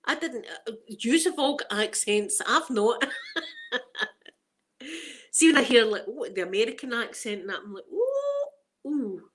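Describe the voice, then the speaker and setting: A woman's voice: a little high, normal speed, pauses often, a bit bright. Scottish lady, middle-aged, casual livestream chat, lots of laughing and hellos to viewers. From Scotland. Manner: chatty, laughing often, talking to viewers by name. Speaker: ASMR livestream host.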